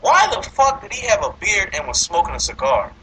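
Brief: high, very bright male voice, animated swooping delivery, casual profane movie rant, faint background noise. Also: fairly quick, poor audio. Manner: animated, profane, laughing often. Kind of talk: casual movie review chat.

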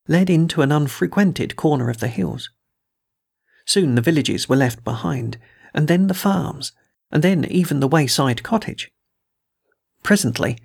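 A man reading a first-person adventure story aloud in a measured, dramatic way, giving the dialogue some voice. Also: fairly high pitch, creaky, slightly rough. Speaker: audiobook reader.

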